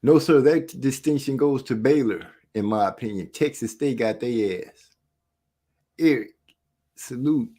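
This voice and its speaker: A man telling a story in casual podcast chat, slangy and animated, often laughing between lines. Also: mid-range voice, measured pace.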